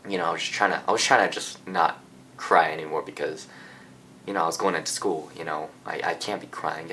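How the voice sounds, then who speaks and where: Deep-voiced teen guy telling a rambling story. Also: slight background noise. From Japan. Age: teens. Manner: rambling, lots of filler and restarts, soft-spoken. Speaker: vlogger. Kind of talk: casual confessional storytelling.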